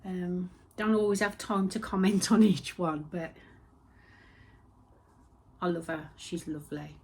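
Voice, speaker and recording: Slow, husky woman chatting. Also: fairly low pitch, flat delivery. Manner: chatty and rambling, with soft whispered asides. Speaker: host of a knitting and spinning podcast. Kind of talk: casual chat.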